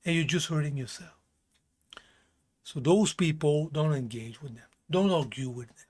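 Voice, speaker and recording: Guy ranting blunt self-help advice, slightly high voice, swears a lot, repeats himself. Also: moderate pace, pauses often, a little mellow. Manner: blunt, emphatic, swears often, repeats phrases. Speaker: vlogger giving life advice. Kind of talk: casual self-help rant.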